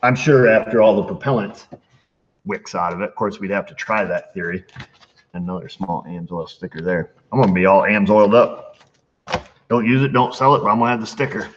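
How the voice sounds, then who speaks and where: A mechanic who hosts a channel runs a casual mail call from the bay of his auto repair shop, joking around and reading letters aloud with asides. His voice is fairly low, fairly even in intonation, and brisk, and the recording is dull and lo-fi with faint noise.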